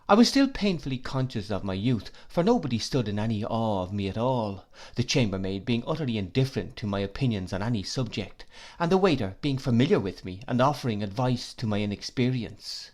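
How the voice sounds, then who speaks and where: A man narrating a classic novel in the first person, reading at a measured pace. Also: fairly low pitch. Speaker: audiobook narrator.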